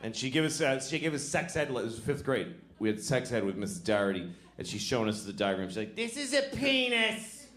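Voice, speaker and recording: A man's voice: fairly low pitch, fast talker, hardly any pauses. A man from Boston with a Boston accent doing stand-up comedy in a wry, rambling way that trails off mid-thought. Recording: roomy club with audience noise.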